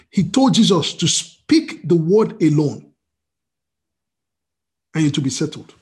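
A man preaching a sermon as pastor, animated, quizzing his listeners with questions and answering them himself. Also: on the high side. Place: church service streamed on video call.

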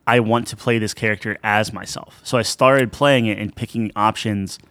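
Lower-voiced man, dry close podcast sound. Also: steady tone, fairly bright tone, no echo. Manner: conversational, asks questions, halting restarts. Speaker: podcast co-host. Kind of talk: casual chat.

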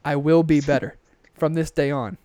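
Young male podcast co-host, brisk profane rants, smooth tone, dry headset sound. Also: fairly high pitch, no room sound. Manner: ranting, profane, animated. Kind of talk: casual podcast chat.

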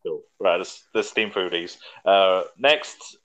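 A man hosting a casual podcast, briskly running through a list and laughing often. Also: sits low, steady tone, fairly bright tone, poor audio. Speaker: podcast host.

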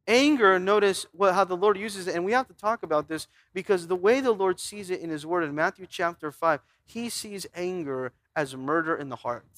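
High-voiced man preaching a sermon. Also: a bit bright. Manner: preaching with rhetorical questions, reading scripture aloud; emphatic, with repeated stumbles and restarts. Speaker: pastor.

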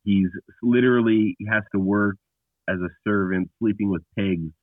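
A man's voice: fairly low pitch, steady tone, moderate pace, no echo. A man, a podcast guest, talking bluntly and emphatically about scripture in a casual discussion with frequent restarts. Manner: blunt, emphatic storyteller who often restarts. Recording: tinny phone-like line.

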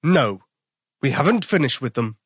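A big fierce daddy bear with a gruff, bellowing voice, as a storyteller puts him on. He booms his lines loud and slow from a dry, close mic. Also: sing-song, no echo, full character voice.

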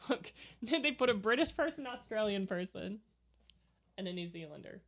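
A woman's voice: mid-range voice, expressive, moderate pace. A woman co-hosting a casual chat while watching a movie, playful and joking, laughing often.

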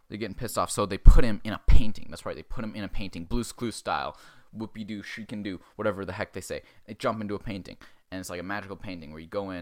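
Male podcast host, lowish voice, profane and sarcastic, riffs through a film plot with quick character voices. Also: fairly bright tone. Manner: crude, sarcastic, acts out characters in quick asides. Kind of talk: profane comic film recap.

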